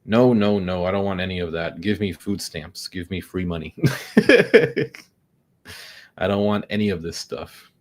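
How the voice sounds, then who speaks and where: A low-voiced man commenting casually on a trading stream. He mutters sarcastic jokes and complains about his headache. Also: expressive, a little slow. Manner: sarcastic, joking, mumbling asides. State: suffering a headache.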